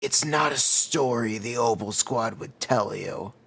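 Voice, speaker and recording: A man doing a sinister old dark lord. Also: mid-range voice, unhurried, vocal fry, husky, exaggerated voice. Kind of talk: impression on a live stream.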